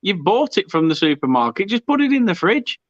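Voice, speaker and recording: A man's voice: high voice, sing-song, fairly quick, no room sound, dull audio. A man co-hosting a football stream, bantering casually with some hesitant restarts. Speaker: co-host and channel moderator. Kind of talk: casual chat.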